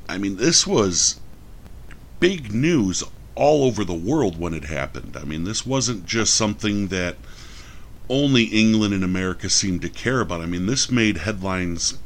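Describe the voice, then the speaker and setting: A man's voice: lowish voice, lively intonation, measured pace. A man with a New York accent hosting a podcast, enthusiastic and rambling. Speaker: podcast host. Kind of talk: podcast interview.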